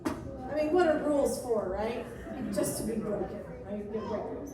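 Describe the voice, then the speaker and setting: A woman's voice: fairly high pitch, moderate pace, background noise. A woman music teacher leading a class through a lesson, playful and encouraging, and often singing solfege syllables. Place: church room with lots of reverb. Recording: echoey room picked up from a distance.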